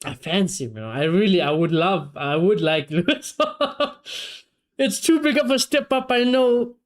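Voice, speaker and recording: A young man hosting a live football watchalong, reacting excitedly, swearing heavily and shouting when his team scores. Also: high voice, moderate pace. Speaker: watchalong streamer.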